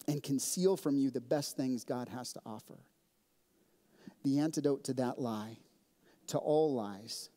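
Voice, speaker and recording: A man delivering a sermon as pastor, earnest and measured, recorded in a church sanctuary. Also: mid-range voice, dark tone. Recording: long reverb of a church hall.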